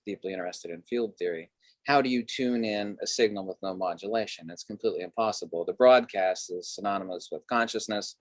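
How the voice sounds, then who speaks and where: A man's voice: lowish voice, no echo. A man speaking as a podcast guest, explaining ideas in a discursive, lecturing way with many fillers. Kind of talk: philosophical conversation.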